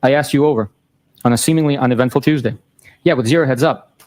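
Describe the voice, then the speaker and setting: A man reads a string of text messages aloud in a courtroom, keeping his delivery flat and matter-of-fact even through the teasing lines. His pitch sits in an ordinary middle register, and he reads each date and time plainly before the messages that follow. The voice comes through a courtroom microphone. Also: fast talker. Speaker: courtroom participant reading texts aloud.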